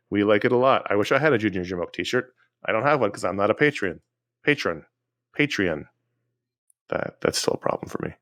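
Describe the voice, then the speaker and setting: A man's voice: mid-range voice, fairly bright tone, dry recording, studio quality. A man co-hosting a podcast in a casual, chatty way, running through announcements and listener emails. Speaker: podcast co-host.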